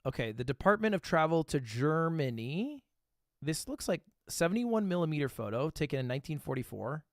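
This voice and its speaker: A livestreamer with a fairly high, sing-song voice talks briskly through his guesses while playing a guessing game, thinking aloud casually. He swears often and makes self-mocking asides, in a dry, studio-quality recording.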